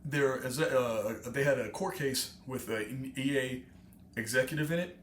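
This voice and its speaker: Rambling reaction streamer, echoey room. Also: male voice, medium pitch, moderate pace. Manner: rambling, many fillers and restarts. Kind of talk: casual rambling commentary. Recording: echoey room with faint noise.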